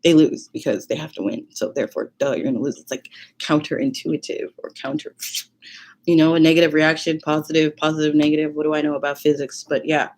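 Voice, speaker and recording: A young woman tells a personal story straight to her viewers, casual and rambling, sprinkling "like" everywhere. Her voice sits a little low and has a breathy, husky edge. She laughs easily and slips into a higher voice to act out what people said. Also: fairly even intonation, a little fast, darkish tone. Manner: chatty, many "like"s, laughs often, acts out quotes in a high voice. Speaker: vlogger.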